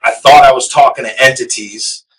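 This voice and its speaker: A man from Massachusetts tells a story on a podcast, rambling and swearing freely and often checking in with "you know what I mean". His voice is bright and sharp. He sounds a little distant from the microphone. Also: mid-range voice, steady tone, normal speed. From Massachusetts, USA. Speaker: podcast guest. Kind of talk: casual storytelling of prison life.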